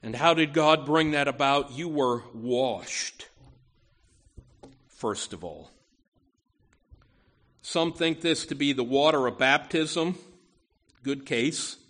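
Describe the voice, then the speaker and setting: A man preaching a sermon from the pulpit, earnest and deliberate, often saying "you know" and restarting phrases. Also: medium pitch, a bit bright. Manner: slow, deliberate delivery with emphatic rises. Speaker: pastor.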